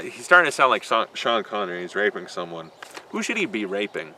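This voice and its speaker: Bright-voiced man rambling outdoors. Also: fairly low pitch, big pitch swings, fairly quick, a little hiss or hum. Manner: rambling, joking, profane. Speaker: vlogger answering viewer questions. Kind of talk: casual Q&A vlog. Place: outdoors in a built-up area.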